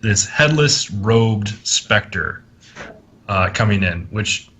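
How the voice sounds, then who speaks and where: A man's voice: lowish voice, lively intonation, slow pace, a bit bright, slight background noise. A man running a tabletop game as game master, narrating casually with jokes. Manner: casual, joking, laughs at the table.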